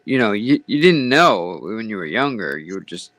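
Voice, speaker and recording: A man's voice: lowish voice, very animated, moderate pace, fairly bright tone, no room sound, low-quality recording. A man hosting a casual comedy podcast, telling crude, rambling anecdotes and laughing often. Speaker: podcast host.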